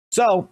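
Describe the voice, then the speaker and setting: A man streaming live commentary, blunt and profane, talking fast and animated. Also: no room sound.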